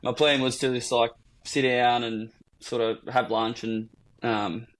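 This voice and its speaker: A man's voice: mid-range voice, flat delivery, a little slow. A young Australian man co-hosting a podcast, telling a rambling, sweary story in casual chat. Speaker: podcast co-host.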